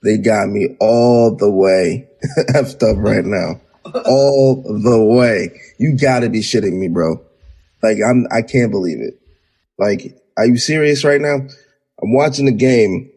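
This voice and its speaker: Man, podcast producer, exasperated, slangy, swearing, dark mellow husky voice. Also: lowish voice, unhurried. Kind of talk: heated sports podcast chat.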